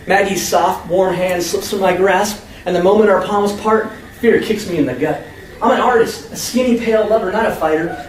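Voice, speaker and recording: A young man from the United States reads his own first-person story to an audience at a public reading. His voice sits high and his delivery is emphatic and expressive. The sound is echoey and distant, with a faint hum underneath. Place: convention room with an audience. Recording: echoey room, far from the mic, faint hum.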